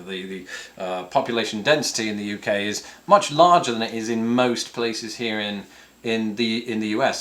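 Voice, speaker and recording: A man's voice: on the low side, fairly bright tone. A man from the north of England, hosting a casual question-and-answer video from home, rambling and self-deprecating with many fillers and restarts. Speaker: YouTube host answering viewer questions. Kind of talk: casual chat. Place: home, with a cat nearby.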